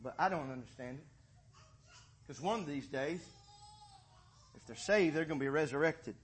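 A man preaching a sermon, moving between quiet, folksy storytelling and loud, rising passages. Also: fairly high pitch, lively intonation, normal speed, husky.

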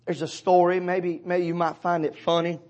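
A man pastor preaching a sermon, swelling loud and dropping low, calling on congregation members by name. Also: flat delivery, moderate pace.

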